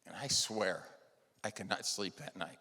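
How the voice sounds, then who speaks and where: A man giving a motivational conference talk, telling a personal story earnestly, rising to loud emphasis and dropping to soft, hushed lines. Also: lowish voice, lively intonation, a little slow, slightly rough. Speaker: conference speaker. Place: large event hall. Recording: long hall reverb.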